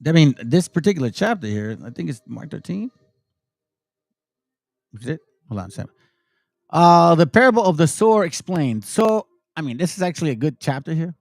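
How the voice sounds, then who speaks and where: A male preacher, talking casually with plenty of slang as he reads verses and breaks them down. His pitch swings widely and sits a little high for a man. The sound is close and dry. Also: very animated, normal speed, vocal fry, no room sound. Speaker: preacher teaching scripture. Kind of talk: informal scripture teaching.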